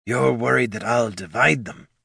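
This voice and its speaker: A man voicing a calm, reserved male troll who speaks quietly and evenly. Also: medium pitch, moderate pace, creaky, husky, dry recording, studio quality, exaggerated voice.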